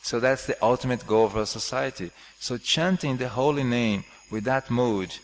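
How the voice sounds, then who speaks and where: A man giving a scripture class, explaining with lively, jokey questions to his audience. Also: mid-range voice, normal speed. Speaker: class speaker. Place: temple hall. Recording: echoey hall with faint noise.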